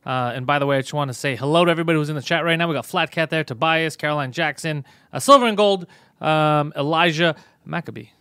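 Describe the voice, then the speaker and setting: A man's voice: fairly high pitch, fast talker, sharp tone, clear, resonant tone, dry recording, studio quality. A man hosting a comedic live stream, joking and emphatic as he chats with a co-host and greets viewers.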